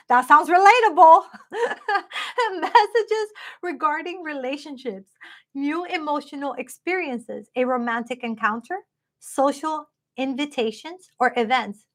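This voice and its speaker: A woman's voice: high voice, expressive, takes it slowly, a bit bright. A woman giving a live-streamed tarot reading in a chatty, upbeat way, talking straight to her viewers. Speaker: tarot card reader.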